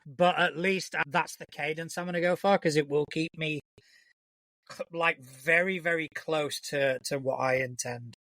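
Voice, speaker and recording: A man co-hosting a casual podcast, his voice bright and forward in tone. He thinks out loud in a relaxed way and swears freely, recorded close and dry. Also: fairly high pitch, normal speed, no echo. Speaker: podcast co-host. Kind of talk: casual chat.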